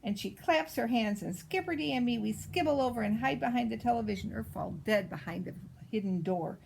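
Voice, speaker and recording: A woman voicing a precocious, spoiled little girl as she reads a storybook in character, with a pert, drawn-out way of stressing words. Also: fairly high pitch, gravelly, a little mellow, slight background noise, poor audio.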